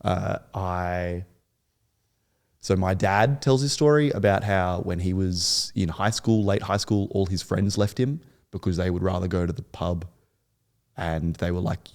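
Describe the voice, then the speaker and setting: A man's voice: deep voice, unhurried, a little mellow. A young man speaking as a podcast guest, telling his story in an earnest, rambling way with many restarts. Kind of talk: podcast interview.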